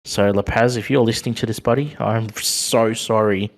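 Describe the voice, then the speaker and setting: Hesitant Australian man with a low voice. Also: fairly even intonation, moderate pace. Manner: hesitant, many ums and restarts. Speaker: podcast co-host. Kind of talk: casual chat.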